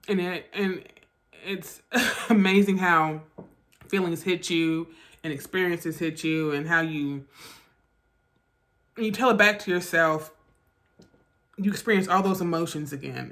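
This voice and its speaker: Woman vlogger, bright voice, halting and emotional storytime delivery. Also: low voice. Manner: emotional, halting retelling with restarts. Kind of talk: storytime vlog.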